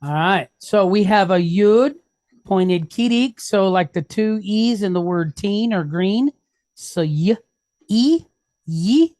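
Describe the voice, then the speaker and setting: A woman's voice: mid-range voice, darkish tone, no room sound, studio quality. A woman teaching a reading lesson, patiently sounding out each syllable and checking in with the class. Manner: sounds out syllables slowly, step by step.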